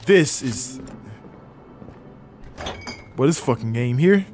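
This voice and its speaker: A man's voice: medium pitch, expressive, slow pace, a little mellow, soft background music. A young man streaming a game live, commenting in an exasperated, profane way and repeating himself. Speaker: gaming streamer.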